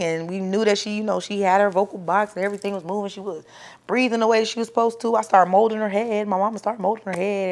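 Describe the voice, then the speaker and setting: A young woman tells a personal story in a loose, casual way, swearing freely and acting out others' lines with bursts of volume. Her pitch sits in a middle range, and she drops to a quiet, tender tone when she is moved. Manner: animated, profane, acts out quoted voices loudly; grows soft and quiet when emotional. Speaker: mother telling her birth story.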